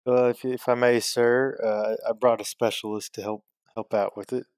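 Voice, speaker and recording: A man's voice: mid-range voice, flat delivery, normal speed, a little mellow, clear, resonant tone, no echo, lightly acted. A man voicing a polite male adventurer who speaks deferentially with some hesitation.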